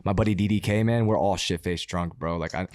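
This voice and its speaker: A man telling a story as a podcast guest, in a casual, animated way, swearing and laughing as he talks. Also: sits low, fairly quick, no echo, studio quality. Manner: animated, profane, laughs mid-sentence.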